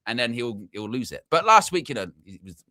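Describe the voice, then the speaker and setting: A man co-hosting a fan show in casual football chat, animated and joking. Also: brisk, no echo, clean studio sound. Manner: animated, mimics friends in high voice.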